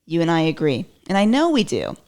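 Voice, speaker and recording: A woman's voice: lowish voice, wildly swooping pitch, brisk, darkish tone. A woman hosting her own podcast, talking in a chatty, rambling way with many "like"s and playful asides. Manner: chatty, rambling, self-interrupting with lots of "like"; playful, slips into mock voices for quotes. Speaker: podcast host. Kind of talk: casual solo commentary.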